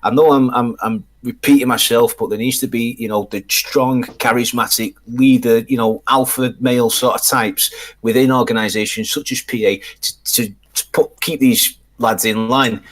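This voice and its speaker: A man talking in a casual podcast chat, halting and repeating his words as he thinks aloud. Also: mid-range voice, fairly even intonation. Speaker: podcast panelist.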